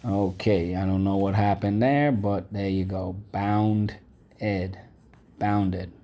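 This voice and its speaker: Deep and mellow, the man's voice moves a little slowly with fairly even intonation. He patiently leads a vocabulary and phonics lesson, repeating words and prompting the class to say them back.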